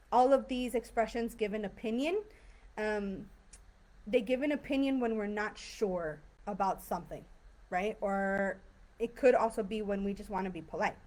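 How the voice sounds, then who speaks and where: A woman teaching English grammar in a live online class, explaining patiently and acting out example sentences in different tones. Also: a little high. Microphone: video call.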